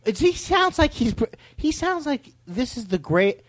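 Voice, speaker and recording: A man's voice: very high-pitched, normal speed, no echo, studio quality. A middle-aged man, a comedian guest, chatting casually and jumping into mocking impressions. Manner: animated, jumps into mocking impressions.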